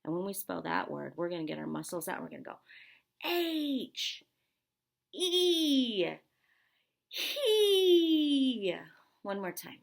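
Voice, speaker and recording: A woman teaching kindergarten sight words, slow, patient and encouraging, drawing out spelled letters in a sing-song way. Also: sits low, steady tone, gravelly.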